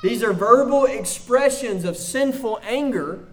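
A pastor delivers a sermon in a notably high voice. He speaks slowly and deliberately, rising now and then to emphatic, forceful peaks. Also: animated.

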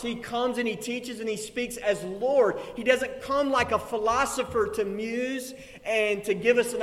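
A man preaching a sermon, emphatic, building to loud declarations. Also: sits high. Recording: long hall reverb.

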